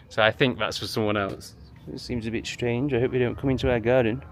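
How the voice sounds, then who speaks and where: A man's voice: mid-range voice, brisk, a little hiss or hum. An English man vlogging as he walks through a rental house, exclaiming and gasping in amazement, filmed on a handheld camera. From England. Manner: excitable, gasping and exclaiming in awe. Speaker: travel vlogger. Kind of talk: casual vlog walkthrough.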